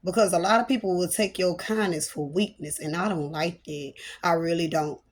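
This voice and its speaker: A woman delivers a loose, conversational sermon as a prophetess. Her voice sits fairly low, and she is chatty and playful, dropping in exclamations of praise as she preaches. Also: normal speed. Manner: playful, chatty, breaks into laughter and church exclamations. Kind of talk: spoken prophetic message, casual preaching.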